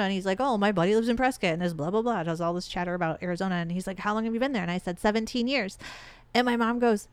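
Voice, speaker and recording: A woman in her thirties from Michigan, with a light Midwest American accent, co-hosts a podcast, telling stories in casual chat, laughing often, and repeating words with "like." Her medium-pitched voice is fast and clean, with no echo.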